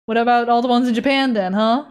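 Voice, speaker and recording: A European woman streams live as an artist, drawing while she reads chat aloud and teases her viewers playfully. Her voice is fairly high, steady, fast, smooth and a little mellow.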